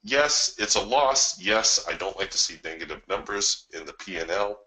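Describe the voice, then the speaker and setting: A man's voice: deep voice, expressive, normal speed, sharp tone, low-quality recording. A man hosting a live trading webinar, explaining his approach in a conversational way and telling stories to his listeners. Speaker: trading coach and webinar host.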